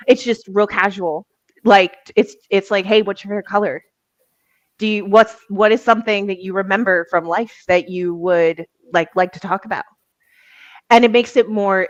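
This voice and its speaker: A woman's voice: mid-range voice, normal speed, no echo, muffled recording. A young adult woman, a psychic medium, talking casually in an interview, laughing often and filling her talk with "like" and "um".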